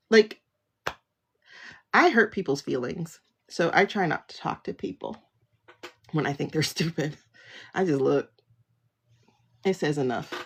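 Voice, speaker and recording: A tarot reader hosting a phone livestream talks in a blunt, sassy rant, laughing often. Her medium-pitched voice has vocal fry.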